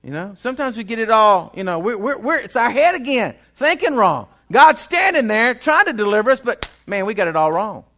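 A man preaching a sermon, swinging between loud bursts and hushed, quiet stretches. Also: sits high, very animated, fairly quick, few pauses. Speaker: pastor.

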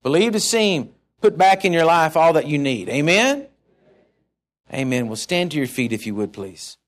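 A man from Texas, preaching a sermon as pastor, swinging from loud passages to hushed ones. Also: fairly high pitch, big pitch swings, normal speed.

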